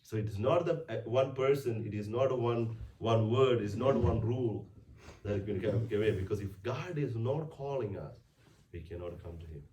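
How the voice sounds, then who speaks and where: A priest's low-voiced conversational sermon. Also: male voice, animated, moderate pace, dark tone, a little hiss or hum. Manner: conversational homily with frequent restarts and rhetorical questions. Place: church. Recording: roomy church sound from a distant mic.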